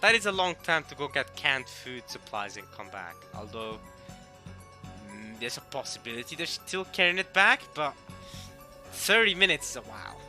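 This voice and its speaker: A man's voice: mid-range voice, moderate pace, soft background music, low-quality recording. A man giving casual, joking commentary while playing a visual novel, often repeating and correcting himself. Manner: animated, joking, self-interrupting. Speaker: video game streamer. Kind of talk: casual let's-play commentary.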